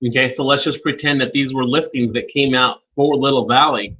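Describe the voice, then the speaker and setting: A man leading a live online training session, speaking informally and calling on attendees by name as he walks through software steps. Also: mid-range voice, fairly even intonation, a little fast, dull audio. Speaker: webinar trainer.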